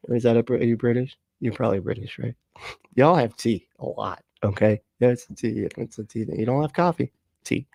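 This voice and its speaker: Rambling, swearing livestream host. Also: male voice, medium pitch, fairly quick, gravelly, mellow, no room sound. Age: late 30s. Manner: rambling, laughs often, swears casually. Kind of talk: casual livestream chat reading comments.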